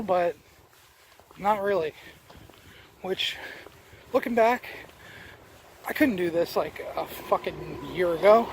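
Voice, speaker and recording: Strolling outside with a handheld camera, a man from New Jersey vlogs in a high-pitched voice, going slowly and pausing often. There's slight background noise, and his talk rambles with plenty of fillers and false starts.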